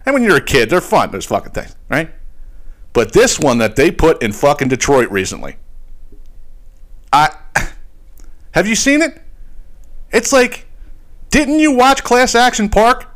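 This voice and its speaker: A man hosting a casual podcast, ranting in a loose, profane way. He tells stories with lots of energy and slips into quick mock voices for the people in them. His pitch swings widely as he gets worked up. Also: huge pitch swings, fairly bright tone. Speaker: podcast host.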